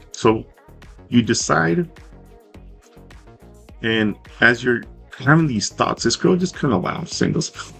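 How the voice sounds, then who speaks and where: A man narrating a tabletop game as game master, in a relaxed, rambling way with fillers and self-corrections. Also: mid-range voice, gravelly, husky.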